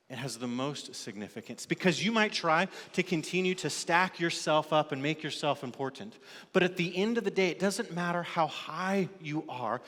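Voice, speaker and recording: A man preaches a sermon from the pulpit, telling a story and briefly acting out its characters. His voice sits fairly high for a man. The sound carries a long reverb from the church sanctuary. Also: a bit bright. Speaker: lead pastor.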